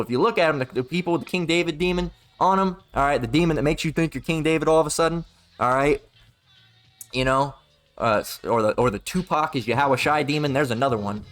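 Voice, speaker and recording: A man's voice: mid-range voice, fairly bright tone. A man preaching informally in a rambling, profane way, mocking other people with put-on voices and reading scripture. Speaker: street preacher.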